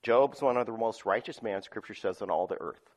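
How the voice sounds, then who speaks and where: Reading scripture aloud and then unpacking it, a pastor delivers a sermon in a lowish voice at a brisk pace. He alternates loud, forceful statements with quiet asides, punctuated by frequent chuckles.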